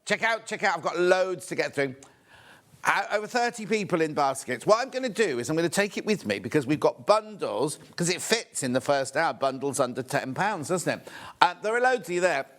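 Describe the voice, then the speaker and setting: A shopping channel host from England's West Midlands presents a live show from a TV studio, his voice a little high, fairly bright and sing-song, swooping widely in pitch. He chats and rambles, tossing in quick asides.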